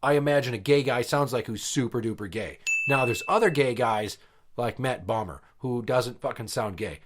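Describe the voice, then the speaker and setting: A man's voice: mid-range voice, heavy background noise. A man in his thirties hosting a podcast, telling stories bluntly and swearing freely in casual chat. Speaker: podcast host.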